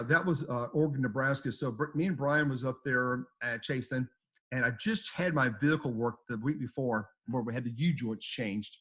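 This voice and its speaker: A man's voice: medium pitch, husky. A middle-aged man from the United States, a storm chaser telling his stories as an interview guest, rambling and repeating words as he acts out quotes. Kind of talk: animated storytelling.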